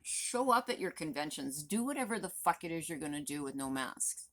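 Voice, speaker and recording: A woman's voice: low-pitched, animated, brisk, fairly bright tone, a little hiss or hum. A woman in her fifties, a vlogger, venting to the camera in a blunt, profane, exasperated rant. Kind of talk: angry direct-to-camera rant.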